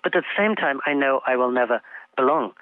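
An older man from England, speaking as an interview guest in an articulate, reflective way, pausing with fillers as he thinks. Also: medium pitch, animated, no echo. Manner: thoughtful, articulate, halting with fillers. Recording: tinny phone line, dry.

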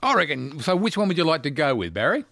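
A man hosts a talkback radio quiz. His voice is lively and animated, rising and falling as he teases his callers and cheers their right answers. The studio sound is dry and close. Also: a little high, fast talker, vocal fry, no echo. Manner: chatty, teasing, enthusiastic.

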